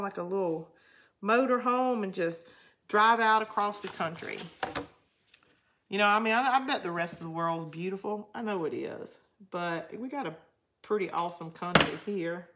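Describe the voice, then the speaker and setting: A woman's voice: mid-range voice, normal speed, background noise. Chatty Southern-drawl woman crafting live. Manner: rambling, chatty, answers viewer comments. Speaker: craft channel host. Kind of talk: casual live crafting chat.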